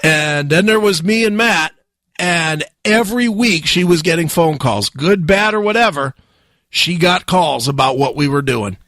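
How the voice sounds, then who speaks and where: A high-pitched, very lively man hosts a radio talk show, spinning a profane, laughing story. His voice is bright and sharp, recorded dry and close. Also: measured pace, no room sound. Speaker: radio host.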